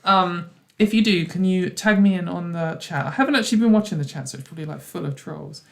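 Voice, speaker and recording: A woman with a lowish voice and vocal fry talks fast while hosting a casual livestream chat over a video call. She rambles, restarts often, and slips into ironic quoted voices.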